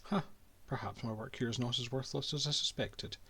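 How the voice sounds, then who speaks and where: A man's voice: medium pitch, fairly quick, pushed and bright, breathy edge. A Scottish man reading as a pompous cartographer. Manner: pompous, old-fashioned diary prose. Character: haughty male Scottish cartographer writing his diary. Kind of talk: reading a game diary aloud.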